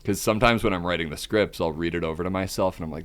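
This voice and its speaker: Young male guest, very low and flat, dry self-deprecating delivery with lots of "um"s. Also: racing. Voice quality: deep, monotone voice. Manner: relaxed, self-deprecating, hesitant fillers. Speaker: podcast guest, comedian. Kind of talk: casual interview chat.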